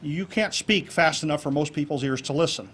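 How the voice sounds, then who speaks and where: A man speaking a touch higher than most, delivering a keynote on public speaking to a club audience. He is lively and jokey and acts out little examples as he goes. A faint hiss of room noise sits under the voice. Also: fairly quick. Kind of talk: public speaking talk on presentation skills.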